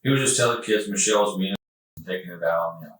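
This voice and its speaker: A police investigator reads a written statement aloud in a steady, measured way. His voice is very deep and low. He is heard from a distance in a hard, echoing interview room. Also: a little hiss or hum. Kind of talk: reading a witness statement aloud. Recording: echoey room picked up from far off.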